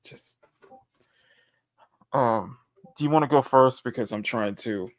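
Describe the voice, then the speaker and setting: A man hosting a casual live-stream chat, talking in a halting way with frequent restarts as he gathers his thoughts. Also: mid-range voice, no echo, studio quality. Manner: halting, restarts often, stalls while collecting his thoughts. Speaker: livestream host.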